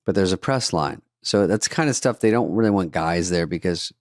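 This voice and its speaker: A man's voice: low-pitched, lively intonation, fairly quick, no room sound. A man in his sixties, co-hosting a podcast and telling stories with dry jokes in casual chat. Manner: dry, joking storyteller. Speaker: podcast co-host.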